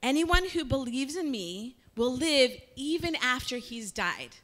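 Jesus as a calm, steady teacher, read out by a woman in her own fairly high voice. The tone is plain and unhurried, like a storyteller in a church retelling a familiar scene.

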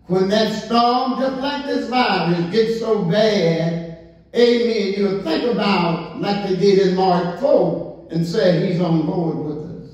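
A man preaching a sermon as pastor, drawing out his words and rising into excited calls to the congregation. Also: high-pitched, slow pace. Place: church sanctuary. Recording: echoey church from far off.

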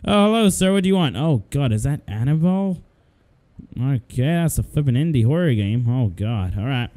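A man giving excitable, frantic let's-play commentary, often yelling at the game's customers. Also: mid-range voice, moderate pace. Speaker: gaming video host.

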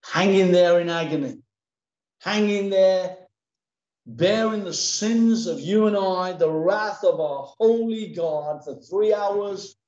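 A man's voice: sits high, takes it slowly, a little mellow, reverberant, lo-fi sound. A man preaching a sermon as pastor, emphatic and dramatic in his delivery. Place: church.

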